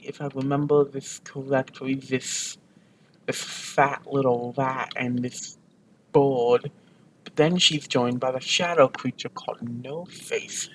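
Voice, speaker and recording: A man's voice: mid-range voice, a bit bright, a little hiss or hum, poor audio. A man recording a let's play, rambling casually with lots of fillers and restarts as he talks over his gameplay.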